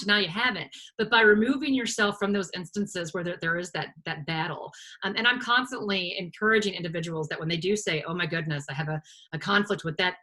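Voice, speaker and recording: A woman presenting a workshop over a video call, her voice bright and forward. She talks loosely, with frequent fillers and repeated words as she gathers her thoughts. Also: mid-range voice. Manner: hesitant, many restarts and fillers. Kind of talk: live webinar presentation.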